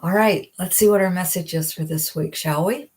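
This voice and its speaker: A middle-aged woman hosting a psychic advice live stream, talking earnestly and gently and slowing down at heartfelt points. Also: on the low side. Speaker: psychic video host. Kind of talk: reflective live-stream talk.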